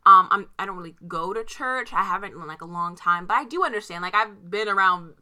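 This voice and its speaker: A young woman from Maryland, USA, co-hosts a casual podcast chat, telling a story with animation while laughing and acting out the voices. Her medium-pitched voice is bright and forceful, delivered a little fast.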